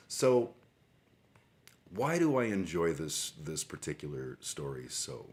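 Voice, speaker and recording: A man's voice: rumbling low, sing-song, slow pace. A man hosting a livestream, reading scripture aloud and adding sarcastic, irreverent, rambling commentary. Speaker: livestream host.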